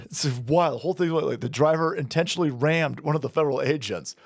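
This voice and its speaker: A man's voice: a little high, fast talker, gravelly, no echo. A man ranting sarcastically and indignantly in a commentary vlog, with frequent swearing. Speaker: political commentator.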